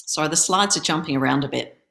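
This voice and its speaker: A woman with a fairly low voice talks through presentation tips in an instructive coaching tone, now and then tripping over a word. She speaks over a video call. Her voice bounces around a roomy, echoey space. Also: fast talker, creaky, fairly bright tone. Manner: instructive, coaching tone with occasional stumbles. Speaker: startup accelerator program manager giving a pitching workshop. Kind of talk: online presentation.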